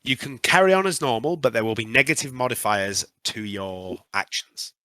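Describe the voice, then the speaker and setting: A man running a tabletop game as game master, narrating with frequent um pauses. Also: mid-range voice, sharp tone, no echo.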